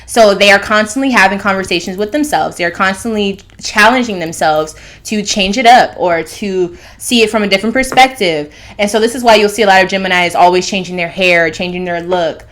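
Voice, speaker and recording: A woman's voice: mid-range voice, brisk, few pauses, fairly bright tone. Rambling woman musing on star signs. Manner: loose, rambling, fillers and restarts. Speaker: astrology channel host. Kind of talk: casual monologue.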